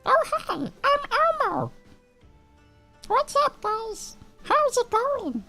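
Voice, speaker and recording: Squeaky Elmo voice. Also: male voice, big pitch swings, creaky, sharp tone, soft background music, full character voice. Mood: cheerful. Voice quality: squeaky falsetto. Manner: slow, sing-song, childlike. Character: squeaky cheerful furry red puppet monster.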